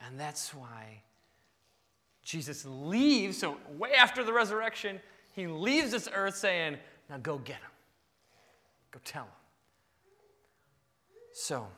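Animated high-voiced male pastor in a hall. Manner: animated, with big swings between loud bursts and quiet asides. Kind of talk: sermon. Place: church sanctuary. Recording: long reverb of a large hall.

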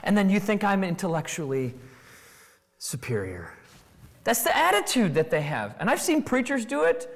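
A preacher working through a text in an expository sermon, with a voice that swings widely in pitch. The delivery leans on rapid rhetorical questions and brief acted-out quoted voices. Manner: animated, acts out quoted voices.

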